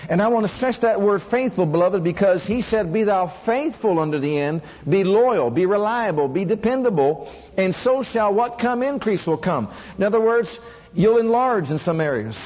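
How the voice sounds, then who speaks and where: Male preacher, high and breathy-husky, questioning call-and-response sermon, muffled lo-fi recording. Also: lively intonation, normal speed. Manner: asks the congregation questions and has them repeat lines.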